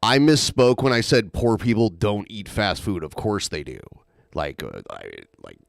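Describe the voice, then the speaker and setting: A man's voice: lowish voice, very animated, normal speed, creaky, dry recording. A man co-hosting a podcast in casual banter, defensive and exasperated, swearing often. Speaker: co-host.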